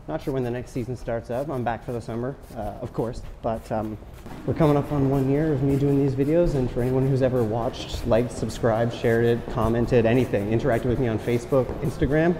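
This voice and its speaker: A man's voice: medium pitch, background noise. A man playing hockey goalie with a camera mic running, cracking self-deprecating jokes through the game. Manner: joking, self-deprecating banter. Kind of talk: mic'd-up game commentary. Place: hockey rink during a game. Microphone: helmet-mounted action camera.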